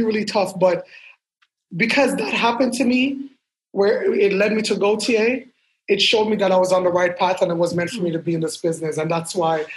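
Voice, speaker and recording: A woman fashion model, a guest in an interview, telling her story in a lively way and acting out what people said. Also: fairly low pitch, rough recording. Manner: lively storyteller who acts out quotes.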